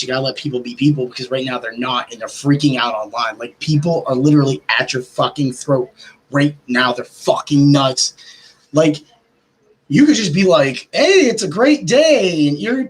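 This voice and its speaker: A man hosting a podcast, ranting casually and swearing, his pitch jumping up when he gets worked up. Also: normal speed, breathy edge, rough recording. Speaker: podcast host.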